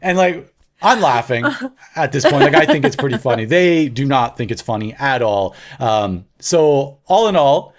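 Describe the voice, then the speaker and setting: A man in his thirties telling a story in a casual podcast chat, full of fillers and loud acted-out quotes. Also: mid-range voice, normal speed. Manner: animated storytelling with frequent filler likes, shouting quoted lines. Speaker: podcast co-host.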